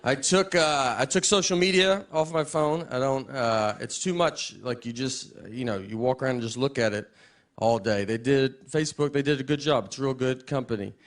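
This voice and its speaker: A man performing a stand-up set in a deadpan, meandering way with frequent restarts. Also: mid-range voice, normal speed. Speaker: stand-up comedian. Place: live comedy stage before an audience. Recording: live set with audience laughter. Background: crowd laughter.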